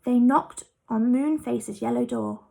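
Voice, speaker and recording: Woman storyteller, expressive children's book reading, raised pitch, gravelly edge. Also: a little slow. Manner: lively, expressive.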